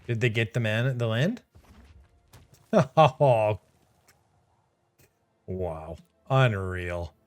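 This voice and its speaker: A man's voice: on the low side, animated, drawn-out words, long pauses. A man commenting casually on his own card game, sarcastic and exasperated, laughing in disbelief. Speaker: streamer playing a card game.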